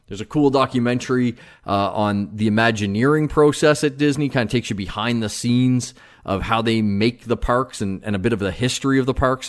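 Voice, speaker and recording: A man hosting his own podcast, talking casually on his own in a rambling, jokey way with lots of fillers and restarts. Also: medium pitch. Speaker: podcast host. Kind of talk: casual solo monologue.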